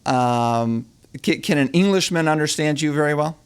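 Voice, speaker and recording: A man's voice: on the high side, moderate pace, smooth. Curious man hosting a podcast. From United States. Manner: curious, asks questions with restarts. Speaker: podcast host. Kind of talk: casual interview chat.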